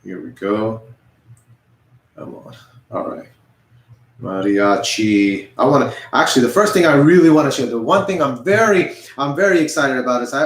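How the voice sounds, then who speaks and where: A man teaching an online music lesson, patiently explaining and having learners repeat words after him, with a frequent "okay?". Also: mid-range voice. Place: indoors, showing pictures on screen. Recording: roomy echo.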